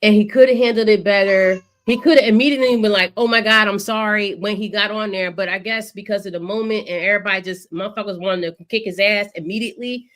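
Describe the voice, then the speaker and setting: A woman co-hosting a sports podcast in casual chat, animated and profane, acting out what players said. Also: mid-range voice, fast talker, few pauses. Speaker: podcast co-host.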